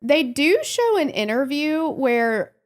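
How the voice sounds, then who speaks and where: A woman in her thirties co-hosting a casual podcast, chatty and quick to laugh. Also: sits high, big pitch swings. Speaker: podcast co-host. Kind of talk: casual chat.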